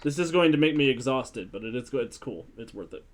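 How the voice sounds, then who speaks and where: Excitable man playing a tabletop game. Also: mid-range voice, fairly quick, a little hiss or hum. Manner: excitable and playful, hams it up. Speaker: player. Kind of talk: casual tabletop play.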